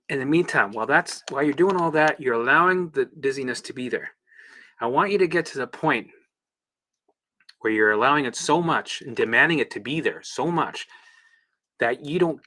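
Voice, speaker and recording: A man's voice: mid-range voice, sharp tone. A man talking casually as a recovery coach, blunt and swearing freely, acting out his own past reactions. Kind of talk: casual monologue.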